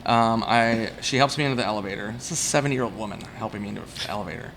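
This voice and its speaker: A man's voice: lowish voice, a bit bright, a little hiss or hum. Rambling self-mocking male comedian. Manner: rambling, self-mocking anecdotes with quick acted-out quotes. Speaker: comedian guest. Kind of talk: casual storytelling at a bar.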